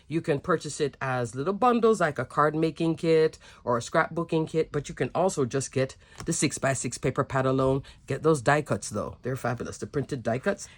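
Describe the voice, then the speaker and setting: A woman's voice: fairly low pitch, no room sound. A woman hosting a casual papercraft demonstration, bubbly and gushing, laughing often as she shows her supplies. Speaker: papercraft demo host.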